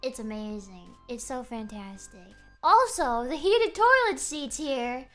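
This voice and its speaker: Woman, high voice, swooping pitch, joking rambling chat, faint music behind. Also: measured pace. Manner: animated, joking, rambling storyteller. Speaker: VTuber streamer. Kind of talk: casual chat stream.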